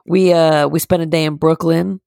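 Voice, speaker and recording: Gravelly-voiced woman telling stories on a podcast. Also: low-pitched, moderate pace, no echo, clean studio sound. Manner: rambling, animated storytelling with frequent laughs. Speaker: podcast co-host. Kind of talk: casual chat.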